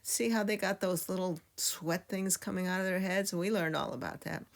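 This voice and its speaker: A woman teaching a cartooning class, talking casually with fillers and pauses as she reads a comic book aloud. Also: on the low side, gravelly. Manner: relaxed, with many fillers and pauses.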